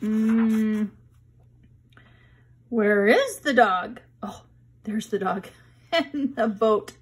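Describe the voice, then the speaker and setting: A woman teaching a children's reading lesson, talking slowly and patiently to young kids as she reviews words and walks through a picture book. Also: fairly high pitch, lively intonation, husky. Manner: slow, patient, friendly teacher talk to children.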